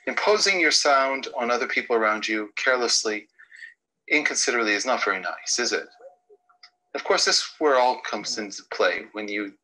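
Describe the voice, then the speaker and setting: Man, bright husky voice, teacherly lecturer who demonstrates with his own pitch and pace. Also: expressive, a little fast, rough recording. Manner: teacherly, swings pitch and pace to show points. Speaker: speaker giving a talk on the voice. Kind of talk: instructive lecture with vocal demonstrations.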